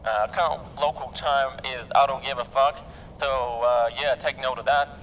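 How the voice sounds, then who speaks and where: A man's voice: medium pitch, fairly even intonation, normal speed, a bit bright, highs cut off, a little hiss or hum, lightly acted. A man putting on an American accent to play a joking airline captain, giving mock-formal cabin announcements laced with swearing. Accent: put-on American. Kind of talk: mock cabin announcement on a flight-sim stream.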